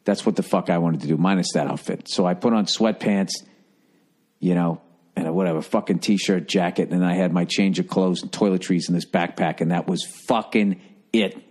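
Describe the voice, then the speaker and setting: A man's voice: low-pitched, fairly even intonation, moderate pace, a little mellow, slightly rough. A man hosting a comedy podcast, telling a rambling, profane story in a casual monologue. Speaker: podcast host.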